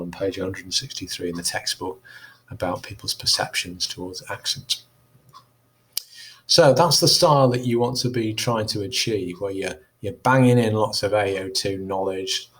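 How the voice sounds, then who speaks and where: A man's voice: fairly low pitch, a bit bright. A man teaching a recorded lesson, reading passages aloud and then explaining them step by step with fillers. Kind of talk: recorded lesson talk-through.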